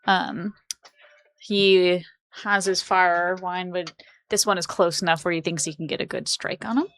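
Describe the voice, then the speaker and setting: A woman running a tabletop game as game master, narrating in a relaxed, chatty way with fillers and laughs. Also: on the low side, measured pace.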